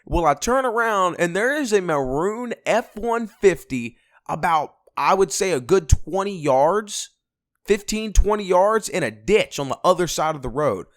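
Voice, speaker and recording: A young man telling a story on a casual vlog, animated and swearing a lot. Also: sits high, a little slow, dry recording, studio quality. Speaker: vlogger.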